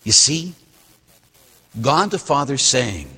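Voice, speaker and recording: Priest guy giving a sermon, bright husky voice, lots of ups and downs. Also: medium pitch, in a large hall. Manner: animated, shifting between loud emphasis and quiet, slowed phrases. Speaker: Catholic priest. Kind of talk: sermon with scripture reading.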